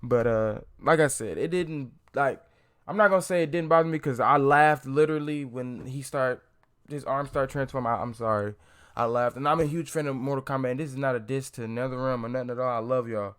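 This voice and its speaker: A man's voice: medium pitch, brisk, a bit bright, smooth. A young man giving a casual, profane movie review, rambling with lots of slang, fillers and restarts.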